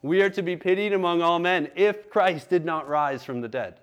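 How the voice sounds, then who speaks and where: A man's voice: a little high, moderate pace, clear, resonant tone, lo-fi sound. A man preaching a sermon, telling a candid personal story in a conversational way. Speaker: pastor.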